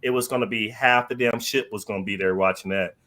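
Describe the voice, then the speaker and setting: A man's voice: on the low side, fairly even intonation, quick pace, pushed and bright. A man guesting on a podcast, telling a personal story in a loose, slangy way with lots of "like" and "you know" and laughter mixed in.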